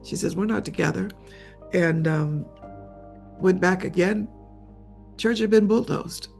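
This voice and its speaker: Older woman guest with a gravelly, fry-heavy voice, halting and tearful, over faint music. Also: fairly low pitch, a little mellow. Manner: halting, repeats words, tearful retelling. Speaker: guest, memoir author. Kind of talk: emotional personal storytelling.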